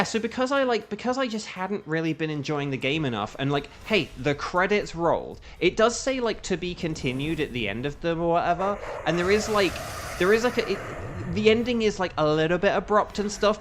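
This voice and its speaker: A man's voice: sits high, fairly bright tone, a little hiss or hum. A man who is a voice actor, chatting casually to his viewers while streaming a game, rambling and self-aware with lots of fillers. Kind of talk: casual live-stream chat over gameplay.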